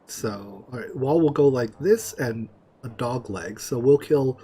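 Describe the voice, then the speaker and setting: A man streaming gameplay at a middle pitch, musing aloud in a loose, chatty way. His voice sounds tired and strained, and a clear layer of background noise runs under the livestream audio. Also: measured pace. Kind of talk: casual gameplay commentary.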